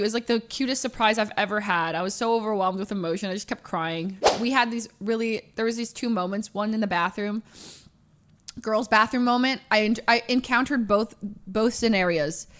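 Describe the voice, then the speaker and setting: A young woman streamer telling a story casually, animated, laughing often and full of fillers. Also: fairly high pitch.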